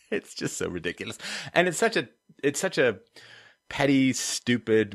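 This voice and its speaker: Deep-voiced male livestream host. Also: fairly bright tone, no room sound, studio quality. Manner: digressive, laughing, wry. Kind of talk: livestream chat and donation appeal.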